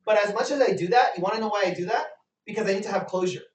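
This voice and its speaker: Leading a business training for a live audience in a meeting room, an energetic man asks the room question after question and drives points home by repeating them. He speaks in a high voice at a rapid-fire pace; the mic is distant, the room echoes, and there's slight background noise.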